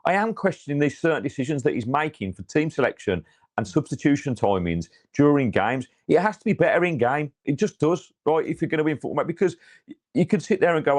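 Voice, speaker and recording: Talking quickly with a fairly high pitch, this man co-hosts a football fan podcast. The chat is loose and unscripted as he swears freely, starts his sentences over, and grows more animated while ranting.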